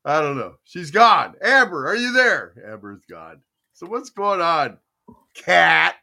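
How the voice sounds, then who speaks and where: A man's voice: on the high side, very animated, unhurried, bright, forceful tone. A man hosting a podcast in casual chat, rambling with many fillers and restarts as he tells a long joke. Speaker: podcast host.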